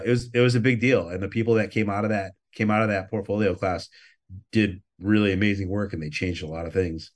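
A man talking as a podcast guest, telling stories in a rambling, easygoing way and swearing often. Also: lowish voice. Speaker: guest, record label owner. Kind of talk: casual interview storytelling.

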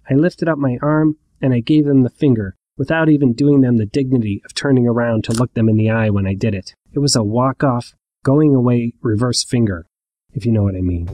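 A man's voice: medium pitch, a little mellow. A middle-aged man telling a personal story in a wry, conversational way with asides to the listener.

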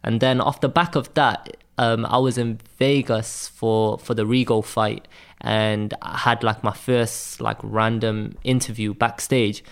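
Chatty Welsh man, gravelly voice. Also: on the low side, little pitch movement, unhurried. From Wales. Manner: loose and chatty, full of "like" and "man". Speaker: graphic designer guest. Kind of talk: casual interview storytelling.

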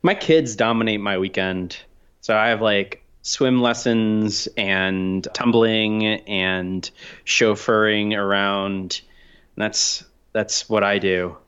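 A man in his thirties co-hosting a podcast in casual chat, with low-key, dry humor. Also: fairly even intonation, slow pace, fairly bright tone, clean tone. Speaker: podcast co-host. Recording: slightly dull, muffled sound.

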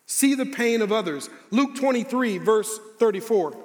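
A man with a very high voice preaching to a congregation, leaning into slow, emphatic repetition. His words ring out with a long reverb from a large church sanctuary. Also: animated. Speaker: pastor. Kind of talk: sermon.

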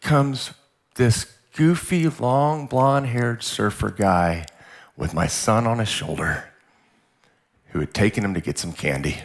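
A middle-aged man from California preaching a sermon, telling a story with strong emotion, repeating words, shouting at peaks and dropping to near-whispers. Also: on the low side, a little slow. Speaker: pastor.

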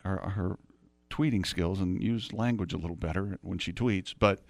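A man's voice: sits low, normal speed, vocal fry, darkish tone. A man hosting a podcast, chatting casually in a rambling, self-interrupting way. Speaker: podcast host. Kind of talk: casual chat.

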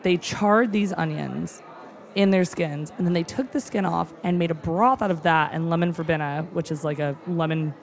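A cook gushing about a tasting menu in casual chat, excitable and close to tears, with many fillers and some swearing. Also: mid-range voice, moderate pace, vocal fry. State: moved nearly to tears.

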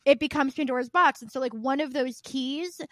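A woman co-hosting a podcast who chats casually about video games, telling stories in an animated, profane way. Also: high voice, moderate pace, no room sound. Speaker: podcast co-host. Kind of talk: casual video game chat.

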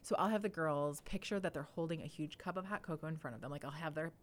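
A woman in her thirties co-hosting a casual podcast chat, explaining things thoughtfully and gently. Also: deep voice, quick pace. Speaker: podcast co-host.

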